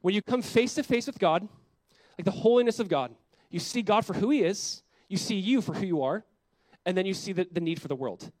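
A male pastor preaching a sermon in an animated way, asking the congregation questions and dropping to a soft voice on quiet points. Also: high-pitched, fairly quick, dry recording. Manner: drops to a soft, quiet voice on reflective lines.

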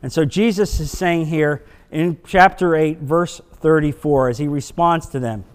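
Man, Bible class teacher, emphatic, dramatic scripture reading, high voice, long hall reverb. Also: a little slow.

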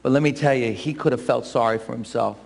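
A man's voice: mid-range voice, quick pace, vocal fry, a little mellow, in a large hall. A man, the pastor, addressing his congregation with emphatic, repetitive calls to serve. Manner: preacherly, building to emphatic repeated calls. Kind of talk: church service address. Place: church sanctuary.

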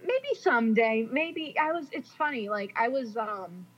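Co-host, young woman, slightly higher voice, joking and scattered, muffled lo-fi audio. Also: lively intonation, unhurried, breathy edge. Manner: scattered, joking, swears casually. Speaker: podcast co-host. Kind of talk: casual chat. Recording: dull lo-fi sound.

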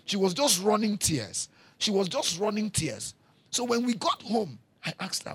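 A man preaching a sermon, repeating his lines, moving from quiet storytelling to shouting. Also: sits high, sing-song, moderate pace, breathy edge. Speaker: pastor.

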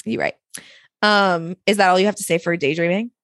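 A woman's voice: fairly low pitch, fairly quick, fairly bright tone, no room sound, studio quality. A young woman co-hosting a casual chat podcast, playful and agreeable. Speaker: podcast co-host.

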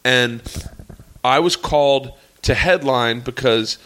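A man in his forties telling a long comedy story in casual chat, animated and profane, often laughing. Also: mid-range voice, slow pace. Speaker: comedian guest.

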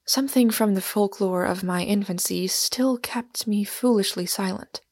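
Woman narrating with a gravelly voice. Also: medium pitch, normal speed, darkish tone, dry recording, clean studio sound. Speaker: audiobook narrator. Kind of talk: scripted narration.

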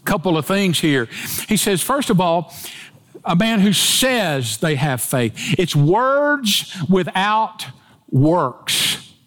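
A man preaching a sermon with emphatic delivery and dramatic swings in pitch and pace. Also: big pitch swings, slow, fairly bright tone. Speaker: pastor.

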